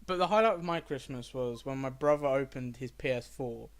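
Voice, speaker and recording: A young man co-hosting a casual podcast, telling animated stories and swearing freely. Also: mid-range voice, brisk. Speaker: podcast co-host. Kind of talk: casual chat.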